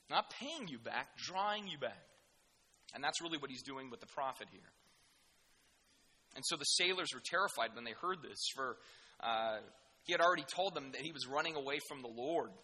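A male preacher delivering a sermon in an animated, jokey, conversational way. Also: medium pitch, normal speed, pauses often, husky, long reverb tail.

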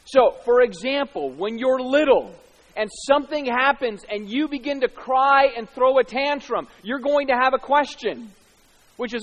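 A man's voice: very high voice, normal speed, highs cut off. A man preaching a sermon in a conversational way, often checking in with his listeners. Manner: conversational, tag questions, acts out quoted voices. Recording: long reverb of a hall.

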